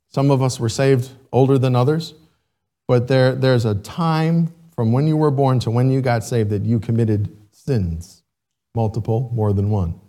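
A man preaching a sermon as pastor, animated and checking in with the congregation with "right?". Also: medium pitch.

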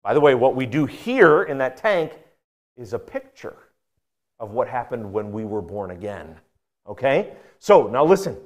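A man preaching a sermon as pastor, emphatic and repeating key phrases, asking the congregation questions and dropping from loud stresses to quiet asides. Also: medium pitch, very animated, normal speed.

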